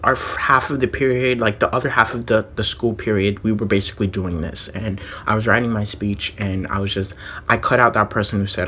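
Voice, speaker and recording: A man's voice: lowish voice, steady tone, fairly quick, bright, forceful tone, a little hiss or hum. Rambling young man telling a story. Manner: rambling, heavy "like" fillers, frequent restarts. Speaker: vlogger.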